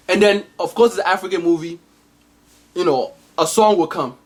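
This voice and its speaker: A woman's voice: medium pitch, fairly quick, darkish tone, husky. A woman narrating a comedic movie spoof in a chatty, sarcastic tone, talking straight to the listener. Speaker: comedic storyteller.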